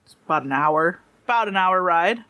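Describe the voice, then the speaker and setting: A woman's voice: on the low side, animated, normal speed, dry recording, lo-fi sound, lightly acted. Woman playing folksy furry alien farm dad, easygoing, rambling. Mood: chatty.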